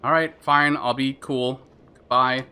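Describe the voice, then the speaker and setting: A man gaming on stream, talking in a loose, rambling way and often restarting his sentences. His voice is bright and forward, at a middle pitch for a man. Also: steady tone, unhurried, clear, resonant tone. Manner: rambling, chatty, lots of fillers and self-interruptions. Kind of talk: casual live-stream commentary.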